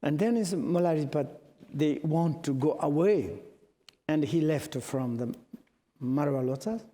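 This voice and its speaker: A Buddhist teacher whose native tongue is Tibetan tells a teaching story in halting English full of restarts. His voice sits a little high but sounds mellow and relaxed. It carries the long reverb of a large hall.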